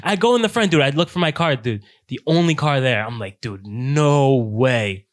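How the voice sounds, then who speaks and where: Young guy, podcast co-host, slightly high voice, animated casual storyteller. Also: quick pace. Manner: animated, says "dude" constantly, quotes himself and others. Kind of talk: casual storytelling among friends.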